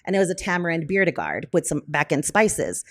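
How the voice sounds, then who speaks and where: Brewery-owner guest, woman, fairly low voice, chatty and animated, lots of ums. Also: fairly quick. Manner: animated, acts out quoted conversations; frequent fillers like um and you know. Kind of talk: casual interview storytelling.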